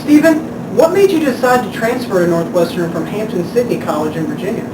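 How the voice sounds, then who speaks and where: A man's voice: sits high, animated, fairly quick. Young man hosting, echoey and distant. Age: young adult. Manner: earnest mock-newsreader delivery. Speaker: student video blog host. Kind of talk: scripted comedy chat. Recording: echoey room from far off, noisy.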